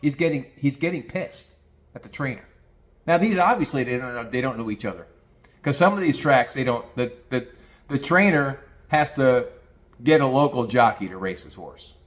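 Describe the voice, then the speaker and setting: A man's voice: mid-range voice, animated, moderate pace. A man telling a rambling, profane anecdote in a casual conversational way. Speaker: storyteller.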